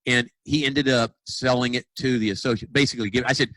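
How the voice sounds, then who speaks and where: A dentist and consultant telling stories in a casual podcast conversation, acting out dialogue with lots of restarts. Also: male voice, medium pitch, fast talker, dry recording, low-quality recording. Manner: animated storyteller, acts out quoted dialogue; frequent restarts and repeated words. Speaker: dentist and practice consultant guest.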